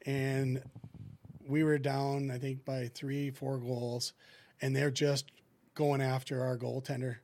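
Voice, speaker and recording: A middle-aged man spins hockey yarns in an easygoing, conversational way. His voice sits at an ordinary middle pitch, and he slips into the voices of the people in his stories as he goes. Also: slow, a little hiss or hum. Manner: animated anecdotes, acting out what people said. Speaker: guest, former hockey goalie who coaches goalies. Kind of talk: casual storytelling in a podcast chat.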